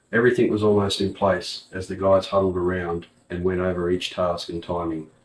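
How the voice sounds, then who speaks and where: A man reading an audiobook in a plain, even way. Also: sits low, a little hiss or hum. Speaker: audiobook narrator. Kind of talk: audiobook narration. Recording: roomy, distant mic.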